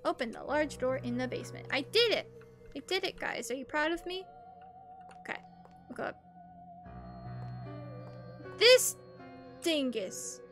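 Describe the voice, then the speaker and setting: A woman's voice: high-pitched, lively intonation, normal speed, long pauses, a bit bright. A young adult woman streaming a game, chatting bubbly with her viewers as she plays. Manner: chatty, bubbly, talks to chat while playing. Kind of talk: casual game commentary. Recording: faint game music behind.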